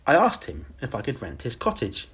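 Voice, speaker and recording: A man voicing a timid, kind young woman teacher in a soft, modest, earnest manner. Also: medium pitch, huge pitch swings, fairly quick, slightly rough, exaggerated voice. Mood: gentle.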